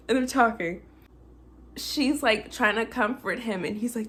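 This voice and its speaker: A woman's voice: on the high side, huge pitch swings, slow, long pauses. A woman recapping a film in a casual rant, emotional and chatty, laughing between many fillers. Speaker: movie reviewer.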